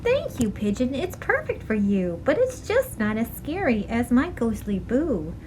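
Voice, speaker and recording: A woman's voice: fairly high pitch, very animated, a little slow, a little mellow, slight background noise, low-quality recording. A woman voicing a sweet, hopeful little girl ghost in a storybook reading, with a polite sing-song manner.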